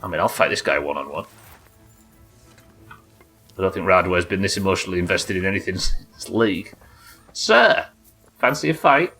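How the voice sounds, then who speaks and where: Guy on a live game stream, low voice, crude and jokey, faint music under it. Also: fairly quick, long pauses, fairly bright tone, slightly rough. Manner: casual, profane, jokey; yelps high in tense fights. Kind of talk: live gameplay commentary.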